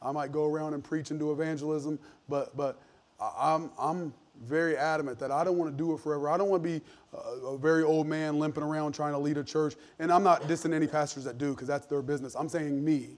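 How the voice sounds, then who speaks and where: Pastor, forties, preaching earnest and emphatic, slightly higher voice, folksy restarts. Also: male voice, fairly even intonation, quick pace. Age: 40s. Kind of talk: sermon.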